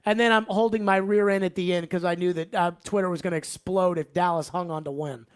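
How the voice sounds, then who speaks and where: Male sports radio host, lively and punchy, mid-range voice. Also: high voice, smooth. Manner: energetic, shifts from loud openings to quick asides.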